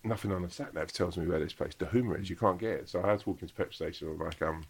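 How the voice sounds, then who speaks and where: A man's voice: sits low, rapid-fire, gravelly, breathy edge. A man, an actor and comedian, telling a casual anecdote with lots of swearing. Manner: animated storyteller, swears a lot.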